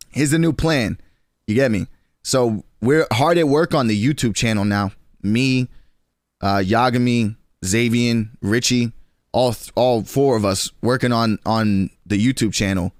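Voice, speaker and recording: A young man in his twenties chatting casually on a stream, slangy and rambling, with quick restarts. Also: medium pitch, no echo, clean studio sound.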